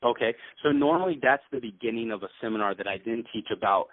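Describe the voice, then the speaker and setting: A man who owns a clinic, coaching other practitioners in an animated way and acting out what he tells patients. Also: mid-range voice, quick pace, no room sound. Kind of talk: conversational sales coaching. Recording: dry, tinny call audio.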